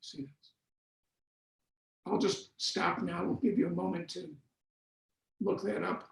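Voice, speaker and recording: Brief: older male lecturer, high voice, wry and explanatory, echoey room. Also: level tone, slow pace, creaky. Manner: wry, explanatory, with dry jokes. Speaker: Bible scholar lecturer. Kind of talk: online lecture. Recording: roomy echo.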